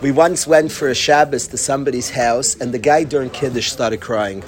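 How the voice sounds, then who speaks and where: A man teaching an informal Talmud class, telling stories with lively energy and peppering his talk with yeshiva terms. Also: mid-range voice, normal speed. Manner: animated storytelling, breaks into laughter and acts out his study partner; sprinkles Yiddish and Hebrew yeshiva terms.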